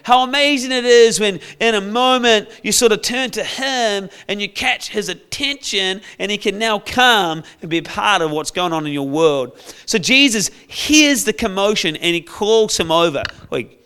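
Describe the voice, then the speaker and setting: A male preacher tells a Bible story in a playful, storytelling manner. His voice sits fairly high for a man. The tone is smooth and clear. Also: moderate pace. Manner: storytelling, playful, acts out characters with shouts. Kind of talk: sermon.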